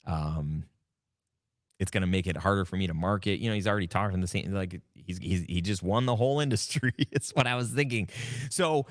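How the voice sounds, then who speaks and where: A man hosting his own podcast, telling stories in a casual, animated way and acting out his past conversations. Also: low-pitched, fairly quick, dry recording, studio quality. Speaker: podcast host. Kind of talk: casual solo podcast talk.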